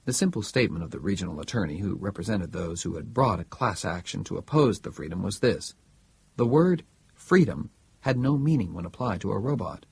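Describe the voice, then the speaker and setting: A man narrating an audiobook in a steady, measured way. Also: deep voice, vocal fry, slight background noise.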